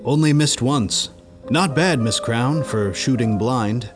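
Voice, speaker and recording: A man voicing a gruff, folksy coroner who talks bluntly. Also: mid-range voice, slow pace, over music, close to an everyday voice.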